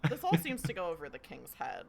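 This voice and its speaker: A woman's voice: deep voice, big pitch swings, fast talker, vocal fry, a crowd in the background. A woman narrating as game master of a tabletop game, chatty and giggly, with many fillers, on a home microphone.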